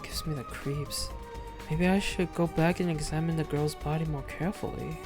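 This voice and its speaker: A game streamer doing live gameplay commentary, reading the on-screen text aloud and thinking out loud. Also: mid-range voice, steady tone, normal speed, music in the background.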